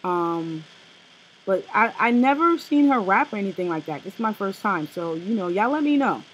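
A woman co-hosting a casual review chat, blunt and animated, with slang and profanity. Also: medium pitch, normal speed, a little hiss or hum, low-quality recording. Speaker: co-host reviewing a TV special.

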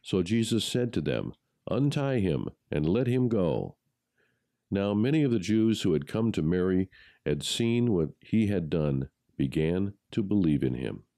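A man reading a gospel passage aloud in a measured, solemn way. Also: low-pitched, big pitch swings, warm tone, dry recording, clean studio sound. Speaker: gospel reader. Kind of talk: scripture reading.

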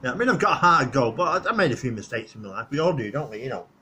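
A middle-aged man with a husky, slightly rough voice. He talks to his own channel in a loose, rambling way, filling gaps with "you know" and "uh". His pitch sits in an ordinary middle range, and he chuckles at his own tales. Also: lively intonation, racing, pushed and bright. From northwest England. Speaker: vlogger. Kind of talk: casual rambling reminiscence.

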